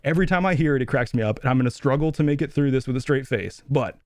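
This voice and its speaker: A man's voice: medium pitch, lively intonation, fast, dry recording, studio quality. A young man co-hosting a podcast, chatting casually about a movie, rambling, laughing often and swearing loosely. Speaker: podcast co-host. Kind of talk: casual movie review chat.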